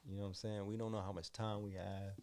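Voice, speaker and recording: A man from Boston with a lowish voice, talking casually as a podcast host. He rambles through his thoughts and keeps adding "you know what I'm saying". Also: little pitch movement, quick pace, a little mellow. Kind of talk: casual interview chat.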